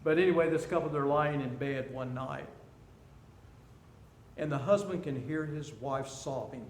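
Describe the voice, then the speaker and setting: In an echoey room with faint background noise, a man in his sixties delivers a seminar built around storytelling, telling tales and jokes with animation. He speaks at a medium pitch, a little slowly.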